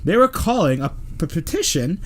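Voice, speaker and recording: A Canadian man co-hosting a podcast, joking and animated in casual chat. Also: on the high side, moderate pace. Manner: joking, animated, bursts of silly voices. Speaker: podcast co-host.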